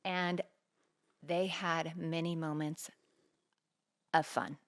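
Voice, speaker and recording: Speaking slowly in a low voice, this middle-aged podcast co-host earnestly recounts a personal story on her talk show. Her retelling is casual and animated, and she voices the dialogue herself along the way.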